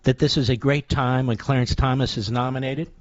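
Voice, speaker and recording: A male radio host tears into the news in a combative, sarcastic monologue, firing off short punchy phrases. His voice sits at an ordinary pitch. The sound is dry and close, with a slightly dull, lo-fi broadcast quality. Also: fairly even intonation, a little fast, no room sound. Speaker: radio talk show host. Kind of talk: political talk radio monologue.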